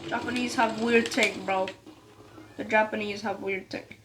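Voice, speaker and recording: A woman giving casual, chatty commentary while playing a tank game, with excitable outbursts and slang like "y'all" and "bro.". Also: medium pitch, slow pace, pauses often. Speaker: gaming video creator. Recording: noticeable background noise with game sounds.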